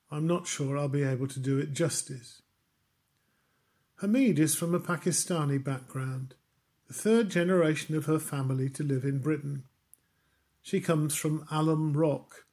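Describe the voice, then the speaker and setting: Male minister, middle-aged, formal sermon delivery, slightly high pitch. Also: darkish tone. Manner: measured and formal.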